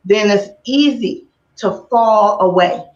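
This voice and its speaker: A woman's voice: mid-range voice, slow pace. A woman guest YouTuber in a casual interview chat, laughing easily and speaking earnestly. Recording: roomy, dull remote audio.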